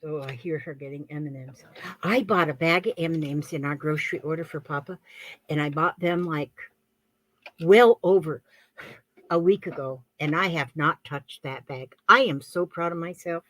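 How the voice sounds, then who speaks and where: A woman's voice: low voice, moderate pace, fairly bright tone, no room sound, poor audio. A middle-aged woman from Florida chatting casually while crafting, often wandering off topic. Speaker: crafting vlogger. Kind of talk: casual rambling chat.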